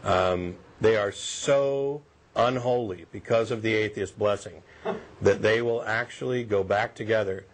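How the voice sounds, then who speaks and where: A man's voice: on the low side, a little slow, slight background noise. A man joking around on camera, stammering, laughing often and talking while he eats. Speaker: show regular. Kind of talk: joking casual chat on camera.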